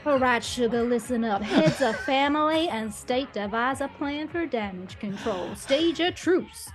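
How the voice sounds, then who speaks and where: A woman putting on a deliberately bad British-by-way-of-Texas accent to read a trailer-style synopsis in a drawl, with the words dragged out. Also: high-pitched, lively intonation, over music. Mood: hammy. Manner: exaggerated mock accent, drawled.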